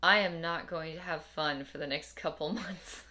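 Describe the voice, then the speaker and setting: A woman's voice: low voice, normal speed, sharp tone. A young adult woman talking casually to camera in a rambling, wry, tired way, often repeating herself. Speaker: vlogger. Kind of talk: casual personal vlog.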